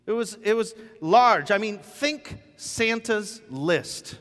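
Man, pastor, casual joking sermon, animated asides, slightly high voice, echoing church hall. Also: takes it slowly. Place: church sanctuary. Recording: church hall with long reverb.

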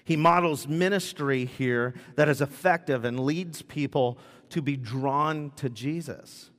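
Chatty pastor, high voice, church reverb. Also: male voice, measured pace, a bit bright. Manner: chatty and humorous, with frequent restarts. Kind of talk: conversational sermon. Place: church sanctuary. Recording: long reverb of a church hall.

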